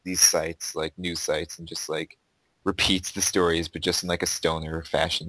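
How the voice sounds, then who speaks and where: A man's voice: low voice, little pitch movement, normal speed, a bit bright, husky, no echo, poor audio. A young man co-hosting a casual podcast, giving opinions and saying "like" constantly. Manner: opinionated, heavy use of "like". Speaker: podcast co-host. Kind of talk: casual chat.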